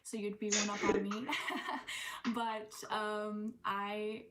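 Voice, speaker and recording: A woman's voice: medium pitch, level tone, very slow, reverberant, crowd noise. A woman voice actor giving a casual thank-you message, grateful, with small laughs and fillers. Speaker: voice actor sending a video message.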